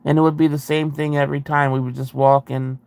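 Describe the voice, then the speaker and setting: A man's voice: fairly high pitch, little pitch movement, fast talker, vocal fry, a little mellow, clear, resonant tone, no echo. A man hosting a casual video chat, reading viewer comments aloud with a rambling, self-interrupting way of talking and frequent laughs.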